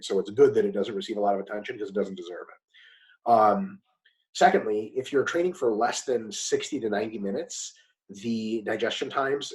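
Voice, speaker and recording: A man answering interview questions bluntly and emphatically, swearing casually as he explains. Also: low-quality recording. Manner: fast with sudden pitch jumps. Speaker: guest expert.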